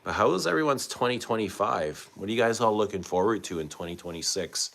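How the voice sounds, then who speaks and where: Low-voiced male streamer, relaxed and chatty, quizzing his viewers. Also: fast, gravelly. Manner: chatty, asks viewers questions. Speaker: livestream host. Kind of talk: casual livestream chat reading comments.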